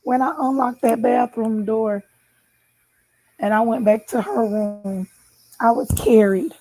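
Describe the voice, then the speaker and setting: A woman's voice: on the high side, steady tone, slow, dark tone, poor audio. A woman sharing an emotional personal testimony, speaking tenderly and then pleading with growing intensity, drawing her listeners in directly. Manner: addresses listeners with "y'all".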